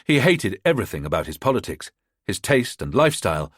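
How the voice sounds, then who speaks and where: A man narrating a spy thriller audiobook in a measured storytelling manner, close to the mic. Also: on the low side, big pitch swings, a bit bright, dry recording. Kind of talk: scripted narration.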